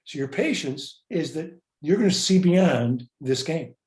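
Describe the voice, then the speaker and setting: A man's voice: a little high, expressive, a little slow, a little mellow, reverberant. An older man hosting a podcast, reflecting earnestly and often repeating words as he speaks. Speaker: podcast host. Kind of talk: reflective interview talk.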